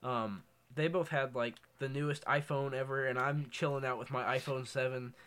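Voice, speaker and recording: A man's voice: mid-range voice, fairly even intonation, moderate pace, a bit bright, clean tone. A teenage boy co-hosting a podcast, chatting casually and rambling with lots of ums. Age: teens. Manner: rambling, many ums, tangents. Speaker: podcast co-host. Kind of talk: casual chat.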